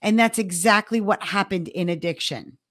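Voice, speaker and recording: A middle-aged woman co-hosting a podcast, talking casually and stressing her points firmly. Her voice sits at a mid pitch. The recording is dry and close. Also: moderate pace, fairly bright tone, no room sound. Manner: emphatic, explanatory. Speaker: podcast co-host. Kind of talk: casual conversational podcast talk.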